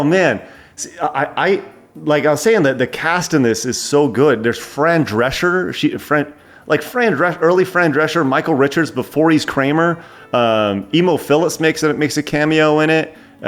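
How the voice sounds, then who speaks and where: A man chatting excitedly as a guest film reviewer, rambling with frequent restarts. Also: on the high side, moderate pace. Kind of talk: casual film review chat.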